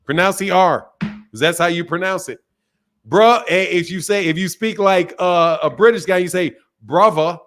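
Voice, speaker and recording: Stream host, male, high-pitched, crude and teasing, casual talk. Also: normal speed, fairly bright tone, soft background music. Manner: loose, profane, teasing banter. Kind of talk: casual chat with callers.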